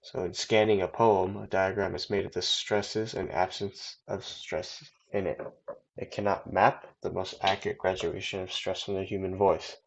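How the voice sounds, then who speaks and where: A man's voice: low-pitched, flat delivery, moderate pace, vocal fry, a little hiss or hum. A man reading a prepared lesson with small slips and fillers. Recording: dull lo-fi recording.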